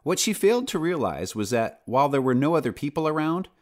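A man's voice: a little high, quick pace. A man narrating a children's storybook with playful asides to the listener. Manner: lively storyteller, playful asides, does character voices. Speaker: audiobook narrator.

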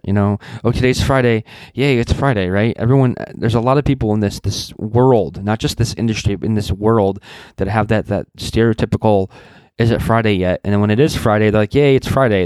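A man's voice: on the low side, a little mellow, dry recording. A man who is a little sick, giving earnest career advice in a rambling way, with many fillers and restarts. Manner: earnest, passionate. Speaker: networking career advisor. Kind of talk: casual advice talk.

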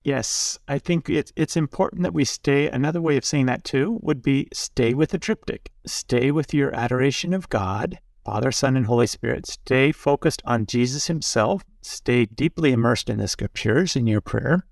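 A priest with a gravelly, textured voice speaks in a dry, close recording. He teaches reflectively and tells stories in a conversational way, tossing in little asides to his listener. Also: mid-range voice, moderate pace, hardly any pauses, no echo. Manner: storytelling, with asides like "huh?". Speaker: Jesuit priest, guest.

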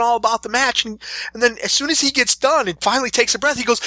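Brief: thirties man, wrestler guest, lively storyteller, bright tone, dry close sound. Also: very high-pitched, quick pace, dry recording. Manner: animated storyteller, laughs through stories. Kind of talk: casual interview storytelling.

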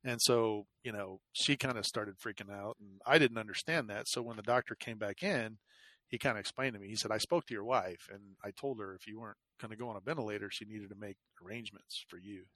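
A man's voice: fairly low pitch, brisk, pushed and bright, no room sound. A man casually recounting a hard personal experience, rambling with lots of fillers and restarts, and a self-deprecating manner. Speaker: guest telling his illness story. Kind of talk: casual conversational storytelling.

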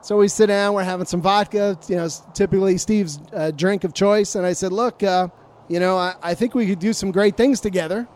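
High-voiced guy telling a sports story on a podcast, gets animated quoting people. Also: a little fast. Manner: animated storyteller, acts out quoted arguments. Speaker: sports reporter recounting stories. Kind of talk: casual podcast chat.

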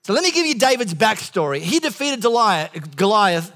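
A man's voice: sits high, very animated, moderate pace, hardly any pauses, a bit bright. Aussie guy preaching, keeps going off on funny tangents, stumbles and restarts a lot. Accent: Australian. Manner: rambling, self-interrupting storyteller with comic asides. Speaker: pastor. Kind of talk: sermon.

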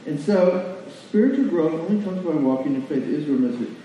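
A man preaching a sermon in a church, folksy and animated, asking the congregation questions. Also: a little high, brisk, slight background noise. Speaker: pastor. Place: church sanctuary. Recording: distant mic in a very echoey hall, lo-fi.

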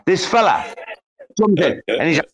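A man's voice: a little high, sing-song, normal speed, a bit bright, rough recording. A man bantering with heavy swearing in a live audio chat room, teasing others and repeating "bro", "mate" and names. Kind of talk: casual banter.

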